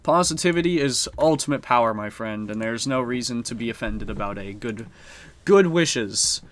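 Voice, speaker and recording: A man's voice: mid-range voice, lively intonation, moderate pace. Laid-back swearing male game streamer. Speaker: streamer playing a strategy board game. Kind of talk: casual live-stream commentary.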